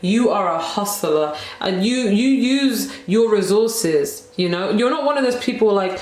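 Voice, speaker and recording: A woman's voice: mid-range voice, lively intonation, normal speed, hardly any pauses. A woman in her twenties giving a rambling, emotional tarot card reading, full of "like" and apologies. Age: 20s. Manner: emotional, rambling, heavy use of "like". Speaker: tarot reader. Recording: roomy echo.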